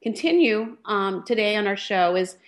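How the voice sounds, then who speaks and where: A woman co-hosting a faith talk radio show. Her delivery is earnest and encouraging, with slow, deliberate phrasing. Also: medium pitch, animated.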